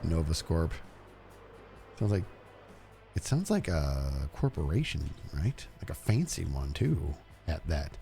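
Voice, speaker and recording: A man streaming a game and chatting casually, animated and jokey, talking to himself as he plays. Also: extremely low pitch, takes it slowly, creaky, soft background music. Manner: animated, jokey, talks to himself while playing. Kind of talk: casual gameplay commentary.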